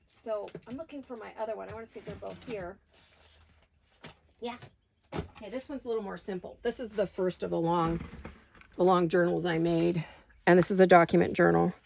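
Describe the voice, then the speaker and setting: Chatty woman with a gravelly voice. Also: medium pitch, a little mellow. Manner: chatty, rambling, self-correcting. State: has the hiccups. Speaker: crafting channel host. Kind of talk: casual crafting tutorial chat. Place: home craft studio.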